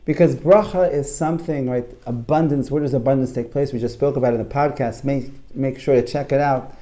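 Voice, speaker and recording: A man gives a Torah talk to a live audience as a coach, in a lively storytelling manner. He often restarts and repeats his phrases. His voice is mellow and mid-pitched. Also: brisk.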